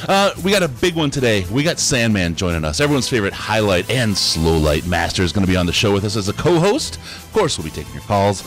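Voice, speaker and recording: A man hosting a live sports podcast, running through announcements in an upbeat, animated way. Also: lowish voice, quick pace, faint music behind. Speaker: podcast host.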